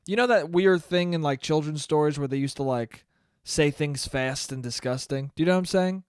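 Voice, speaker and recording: A young man hosts a solo podcast in a casual, rambling monologue. His voice is fairly high and his talk is profane and jokey. The sound is very dry and close. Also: a little fast, clear, resonant tone, no room sound. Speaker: podcast host.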